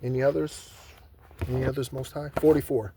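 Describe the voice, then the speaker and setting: A man's voice: mid-range voice, little pitch movement, dark tone, slight background noise. Man giving rambling spiritual guidance. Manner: repeats mantras slowly, rambling asides. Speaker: spiritual channeler. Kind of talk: casual spiritual guidance monologue.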